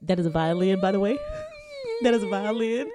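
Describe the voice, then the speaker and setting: A woman's voice: medium pitch, noisy background. A woman co-hosting a casual chat show, playfully demanding and dramatic, swearing freely. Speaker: podcast co-host.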